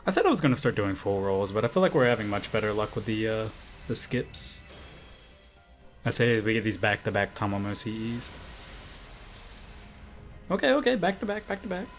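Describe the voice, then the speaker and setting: A man commenting on his gacha rolls, getting excitable, swearing and pleading with the game. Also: fairly low pitch, fairly quick, long pauses, soft background music. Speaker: game streamer.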